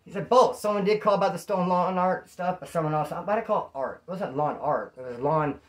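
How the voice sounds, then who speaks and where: A man's voice: a little high, fast. Slangy man telling a story. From California. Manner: slangy, animated, acts out quotes in a raised voice. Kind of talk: casual storytelling to camera.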